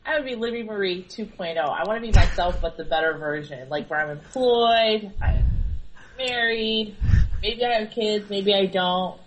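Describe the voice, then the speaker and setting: A woman's voice: mid-range voice, normal speed, slight background noise, low-quality recording. A young woman co-hosting a podcast, chatty and playful in casual talk. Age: young adult. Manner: chatty, playful, laughing asides. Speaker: podcast co-host. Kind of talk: casual chat.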